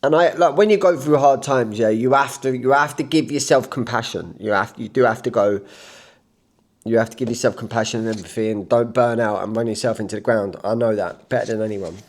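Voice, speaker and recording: A man's voice: mid-range voice, fairly quick. A man, a coach giving a blunt, rambling, impassioned motivational talk, unscripted. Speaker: self-improvement coach.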